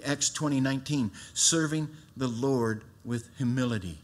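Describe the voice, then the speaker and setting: A middle-aged man giving a sermon testimony in a folksy storytelling way, swinging from loud emphatic bursts to hushed, earnest tones. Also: medium pitch, unhurried, hardly any pauses.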